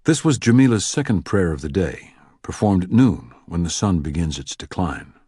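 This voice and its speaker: A man narrating an audiobook thriller with expressive storytelling. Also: sits low, moderate pace, breathy edge, no echo, clean studio sound. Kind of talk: scripted narration.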